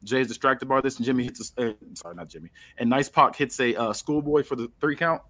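A man hosting a casual podcast, loosely reading out a storyline with pauses and restarts. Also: mid-range voice, fairly bright tone. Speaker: podcast host.

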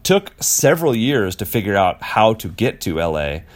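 A man's voice: fairly low pitch, very animated, normal speed. A man in his forties from Wisconsin, an actor telling stories in a casual interview, rambling with many fillers. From Wisconsin, USA. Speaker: actor guest.

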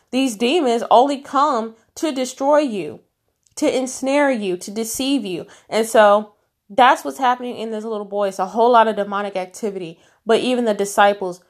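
A woman leading an informal Bible study, reading verses aloud and then talking them over. Her talk is loose and full of fillers and restarts. She presses hard on her strongest points. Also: on the high side. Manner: conversational, many fillers and restarts, gets emphatic. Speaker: Bible teacher.

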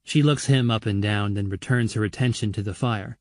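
Male audiobook narrator, grim and measured, dead-dry studio sound. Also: fairly low pitch, no echo. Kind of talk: scripted horror narration.

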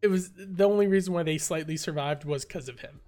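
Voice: mid-range voice, a little fast, warm tone, faint music behind. A podcast co-host in casual chat, rambling and amused. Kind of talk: casual chat reviewing a show.

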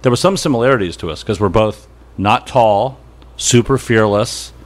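Low-voiced wry middle-aged man. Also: normal speed. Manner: wry, anecdotal, quotes people in voices. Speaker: comedy writer guest. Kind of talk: casual podcast storytelling.

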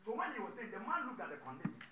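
A man preaching a sermon with call-and-response, swinging between loud exhortation and quiet asides. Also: high-pitched, wildly swooping pitch, rapid-fire, noisy background. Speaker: pastor.

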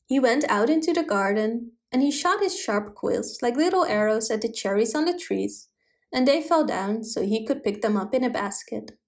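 A woman reads a children's story aloud in a gentle, expressive way. Her voice sits slightly high. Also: normal speed.

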